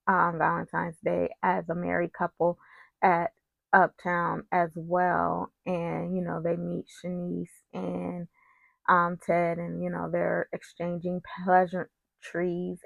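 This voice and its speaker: A woman talks through a soap recap in a low, gravelly voice, taking her time. She is chatty and opinionated and keeps wandering into side remarks. The sound is dry and close. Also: no room sound, dull audio. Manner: chatty, opinionated, digresses often. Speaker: soap opera recap host. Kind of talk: casual recap commentary.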